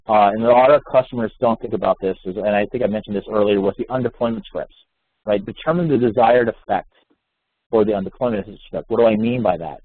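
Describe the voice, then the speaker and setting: A man presenting a live software demo webinar, walking through steps conversationally with many fillers and restarts. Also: mid-range voice, slightly rough, dry recording. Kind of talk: live product demo walkthrough. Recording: tinny phone-line webinar audio.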